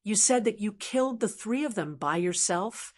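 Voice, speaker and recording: A woman's voice: mid-range voice, lively intonation, moderate pace, darkish tone, lightly acted. A woman reading a sneering, spiteful male elder. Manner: sneering, scoffing.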